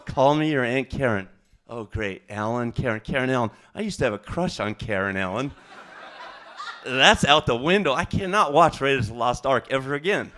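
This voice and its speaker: A man doing a stand-up comedy set, rambling and halting, with fillers and self-corrections. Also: mid-range voice, expressive, sharp tone, a little hiss or hum.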